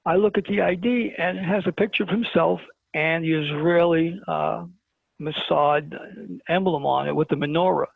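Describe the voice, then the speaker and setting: Calling in over a tinny phone line, a middle-aged show guest from Brooklyn recounts a story with flair, voicing each side of the exchanges. He speaks at a normal pace in a fairly high, creaky voice with a steady tone, and there's no room sound.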